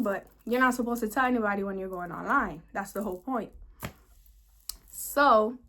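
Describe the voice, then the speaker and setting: A young woman vlogging, telling a personal story in an animated, emphatic way, repeating words for emphasis. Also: a little high, normal speed. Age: young adult. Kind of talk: storytime vlog.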